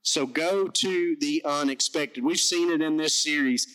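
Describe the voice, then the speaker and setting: High-voiced pastor preaching. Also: male voice, measured pace, rough recording. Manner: storytelling, animated and self-mocking. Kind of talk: sermon.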